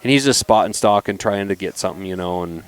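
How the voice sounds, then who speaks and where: A man in his forties with a fairly low-pitched voice, talking easily as a podcast guest. He tells stories with lots of life, slipping into the voices of the people he quotes. The delivery is loose and conversational, with natural restarts. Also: fast, smooth. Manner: animated, acts out quoted voices when telling stories. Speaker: knife company founder, podcast guest. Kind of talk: casual storytelling chat.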